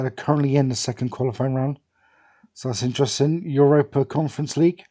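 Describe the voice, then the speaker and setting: A young man talks casually over a football management game, rambling and thinking aloud with plenty of fillers and pauses. His voice is mellow and warm, at an ordinary middle pitch, close to a desk microphone. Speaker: gaming video creator.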